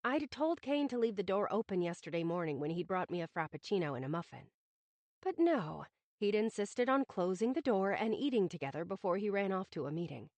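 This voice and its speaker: A woman's voice: medium pitch, big pitch swings, fairly quick, darkish tone, no echo. A woman narrating a first-person romantic comedy audiobook in a wry, self-conscious manner, from a studio booth on a close mic.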